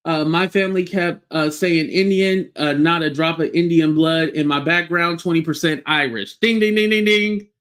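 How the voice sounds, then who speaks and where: A man hosting a livestream, giving blunt, heated commentary with swearing and quick acted-out quotes. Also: on the high side, steady tone, fairly bright tone, smooth.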